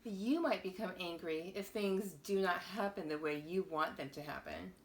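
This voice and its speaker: A woman reading a children's picture book aloud to young viewers, with a playful, expressive storytelling manner. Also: fairly low pitch, moderate pace.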